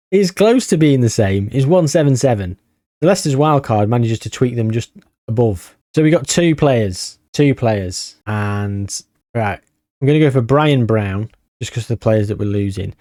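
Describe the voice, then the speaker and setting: Wry, chatty man, mellow voice. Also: medium pitch, no room sound, studio quality. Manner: chatty, wry and sarcastic, thinking aloud. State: tired. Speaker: gaming YouTuber. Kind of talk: casual game commentary.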